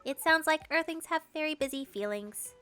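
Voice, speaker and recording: Robotic, literal-minded alien, put on by a woman, higher pitch, soft music behind. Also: normal speed. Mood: curious. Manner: formal, literal, precise phrasing. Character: stiff, curious alien visitor learning Earth ways. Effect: robotic-sounding voice. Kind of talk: game dialogue read-through.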